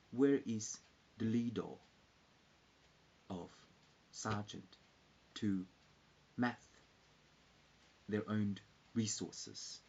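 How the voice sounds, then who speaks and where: A man rambling in a loose, halting live-stream chat with viewers, full of fillers and restarts. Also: on the low side, a little mellow, slightly rough. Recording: dull lo-fi recording.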